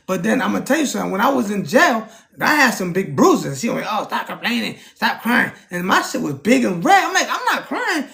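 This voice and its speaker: Gravelly animated man streaming to chat. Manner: animated, repeats "you know what I'm saying", jumps high when quoting. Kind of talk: casual livestream talk to chat.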